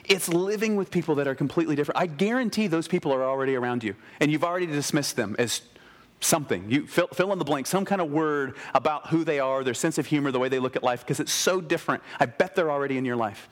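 A middle-aged man preaching a conversational sermon in an animated way, speaking straight to the people in front of him. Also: fairly high pitch, quick pace. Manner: animated, talks straight to the listeners.

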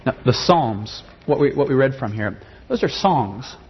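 A man's voice: medium pitch, animated, unhurried, breathy edge, lo-fi sound. A man preaching a sermon in an earnest way, often repeating words and rising into passionate pleading. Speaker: pastor.

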